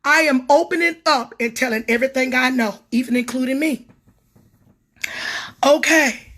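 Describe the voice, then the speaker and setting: Fiery middle-aged woman preacher, bright and high, cussing in a livestream rant. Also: normal speed. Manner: profane, confrontational, preacher-like cadence. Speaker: prophetess.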